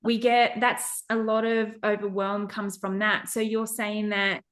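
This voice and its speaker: A woman's voice: mid-range voice, flat delivery, a little slow, fairly bright tone. A woman hosting a podcast, chatting in a bubbly, informal way. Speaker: podcast host. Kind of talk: casual interview chat.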